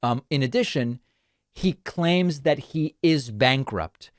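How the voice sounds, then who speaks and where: A man's voice: mid-range voice, lively intonation, slow pace, no echo. A man hosting a show, giving dry, sardonic commentary on court footage. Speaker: show host. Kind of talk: news commentary over clips.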